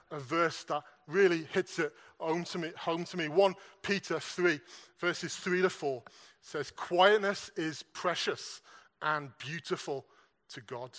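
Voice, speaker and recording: Bright-voiced man preaching a sermon. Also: sits high. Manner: earnest, repeats words, asks the audience questions.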